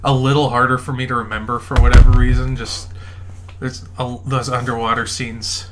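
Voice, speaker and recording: A man's voice: medium pitch, flat delivery, moderate pace. A man co-hosting a casual film podcast, talking hesitantly with many fillers. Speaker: podcast co-host.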